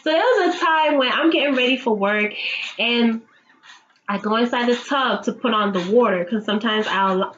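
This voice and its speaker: A woman's voice: medium pitch, fairly bright tone, muffled recording, a little hiss or hum. A woman giving a casual, chatty recap of a TV episode, swearing freely and laughing often. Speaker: TV episode reviewer.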